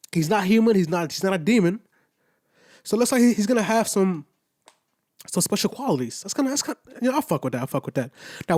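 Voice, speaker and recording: A man's voice: sits high, a little mellow. A young adult man reviewing an anime episode in a loose, profane, slang-filled casual recap, full of "you know what I'm saying" asides.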